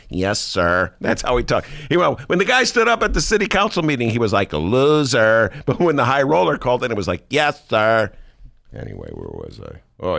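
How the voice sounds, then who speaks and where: A man hosting a talk radio show, giving lively, mocking political commentary and laughing often. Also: mid-range voice, gravelly, dry recording, clean studio sound.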